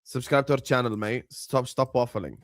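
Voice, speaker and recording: A man hosting a football watchalong livestream, excitedly chanting and urging viewers to subscribe. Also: medium pitch, normal speed, dry recording, clean studio sound. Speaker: livestream host. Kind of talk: hyped watchalong livestream chat.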